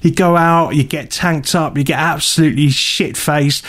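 A man co-hosting a radio chat show, telling stories casually and animatedly. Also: moderate pace. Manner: animated storyteller, jumps up high for quoted voices.

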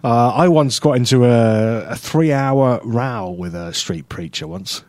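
A man's voice: mid-range voice, unhurried, no room sound. A man co-hosting a radio show, telling a story in a chatty way and laughing often as he talks. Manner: animated storyteller, laughs often, puts on voices in anecdotes. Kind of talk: casual radio chat. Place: radio studio.

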